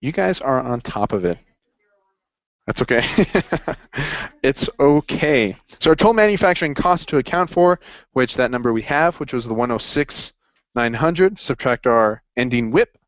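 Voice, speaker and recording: A man's voice: mid-range voice, expressive, normal speed, no echo, muffled recording. A man running a casual accounting review session, upbeat and jokey as he encourages his students. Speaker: accounting tutor.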